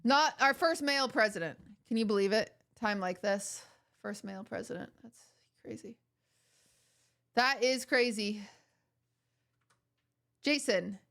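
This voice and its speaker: Young adult female streamer, casual joking chat with viewers, slightly high pitch. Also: a little slow, long pauses, a bit bright. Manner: joking, rambling, mock-outraged.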